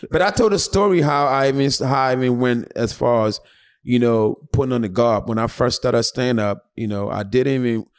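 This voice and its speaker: A man's voice: medium pitch, brisk, clean tone. A middle-aged man from Ghana, a comedian telling profane, jokey stories in casual chat. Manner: animated, profane, jokey storyteller. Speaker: comedian guest.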